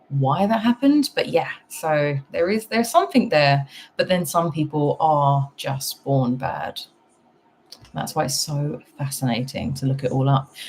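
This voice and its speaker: A woman's voice: low voice, a little mellow, a little hiss or hum. A woman with a British accent chatting casually on a live stream, answering her chat and laughing at herself. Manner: chatty, self-deprecating, reads chat aloud.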